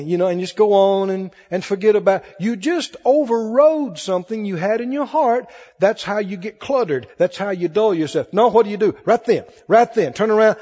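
Man, pastor preaching, high husky voice, long reverb, muffled lo-fi sound. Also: moderate pace, hardly any pauses, mellow. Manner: emphatic preaching, calls for congregation responses. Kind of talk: sermon. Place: church hall with congregation. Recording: lo-fi recording in a reverberant hall.

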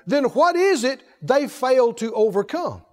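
A man preaching a sermon, asking the congregation question after question in a folksy, animated way. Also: very high voice, unhurried. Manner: folksy, laughs between points. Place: church. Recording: echoey hall reverb.

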